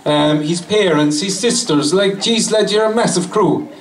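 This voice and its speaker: A man's voice: sits high, unhurried. An Irish man, a former racer, giving a laughing, anecdotal speech to a crowd at a celebration. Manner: laughing storyteller who acts out quotes. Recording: distant mic, echoey, crowd noise.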